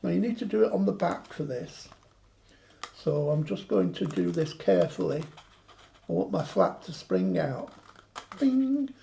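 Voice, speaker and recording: A man's voice: on the high side, normal speed, gravelly, dark tone, a little hiss or hum. A man chatting through a craft demonstration, joking and poking fun at himself. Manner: joking, self-mocking banter.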